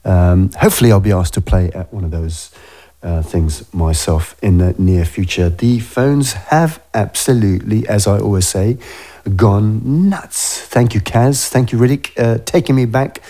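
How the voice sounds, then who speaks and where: A man's voice: lowish voice, unhurried, warm tone. A man hosting a radio show, chatting casually and rambling with frequent self-corrections. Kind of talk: casual on-air chat.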